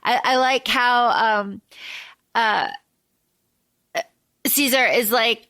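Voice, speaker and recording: A woman's voice: fairly high pitch, fairly even intonation, extremely slow, bright, forceful tone, no echo. A woman co-hosting a podcast, recapping a movie in casual, slangy, playful chat. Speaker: podcast co-host.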